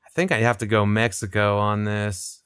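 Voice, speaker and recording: A young man giving casual, chatty commentary over his own gameplay, relaxed and laughing often. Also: lowish voice, normal speed, smooth, no room sound, clean studio sound. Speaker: gaming video creator.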